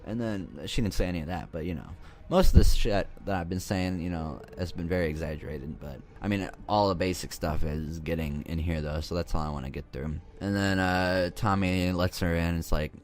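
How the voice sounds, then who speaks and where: A man with a low, deep voice tells a movie's story in a loose, rambling way. He swears freely and jokes between plot points, sounding casual and unscripted. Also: a little fast. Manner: rambling, profane, joking. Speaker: movie reviewer.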